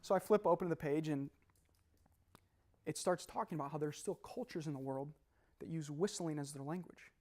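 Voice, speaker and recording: A young man speaking live to an audience as a motivational speaker, animated and laughing, often throwing questions at the room. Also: on the high side, a little fast, pauses often. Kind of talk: live seminar talk to an audience.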